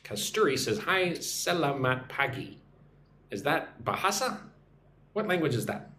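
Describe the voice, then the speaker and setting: Man, online English teacher, lively pitch, echoey room, faint hum behind. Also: a little slow. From United States. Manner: chatty, reads out comments, greets viewers in their languages. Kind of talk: live stream chat with viewers.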